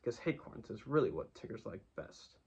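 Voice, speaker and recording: A bouncy young tiger, put on by a man reading a children's book. He sounds sure of himself and cheerful, in a husky, gravelly voice. The sound is dull and lo-fi. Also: lowish voice, big pitch swings, brisk, a little mellow, heavily acted. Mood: decided. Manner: cheerful, boastful, decided.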